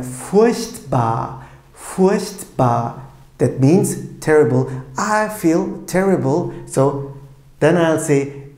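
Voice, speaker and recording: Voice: mid-range voice, darkish tone, roomy sound. A language teacher giving a patient lesson, explaining carefully and repeating each phrase several times.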